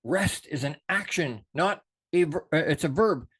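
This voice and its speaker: A middle-aged man hosting a show, giving an unscripted, passionate motivational talk that swings between soft reflection and emphatic urging. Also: a little high, animated, measured pace, breathy edge.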